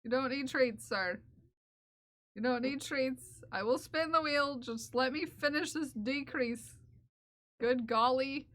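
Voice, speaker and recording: A woman's voice: sits high, a little slow, fairly bright tone. A woman streaming live while knitting, chatting casually and playfully with her viewers and her cat, laughing often.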